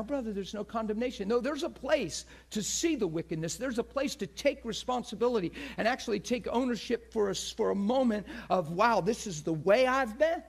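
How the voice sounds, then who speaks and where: In a high voice, a man delivers a passionate sermon, rising to shouted peaks and then falling to a hushed near-whisper. He acts out the crowd's voices, complete with sharp gasps.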